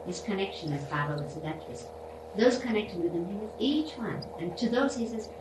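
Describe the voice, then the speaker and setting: A woman retelling a story in a warm manner. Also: mid-range voice, animated, moderate pace. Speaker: speaker sharing a story. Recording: distant, echoey, noisy.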